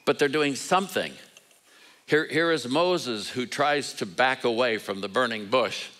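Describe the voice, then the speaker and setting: Older man preaching with a bright edge. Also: medium pitch, animated, unhurried, poor audio. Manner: conversational, acts out voices in quoted dialogue, self-deprecating humor. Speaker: guest preacher. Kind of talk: sermon with storytelling.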